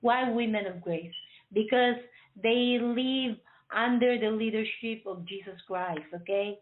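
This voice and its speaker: A woman's voice: on the high side, unhurried, a little hiss or hum. A woman hosting a radio show, chatting casually and jokingly before it starts, rambling and laughing at her own jokes. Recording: tinny phone-like line.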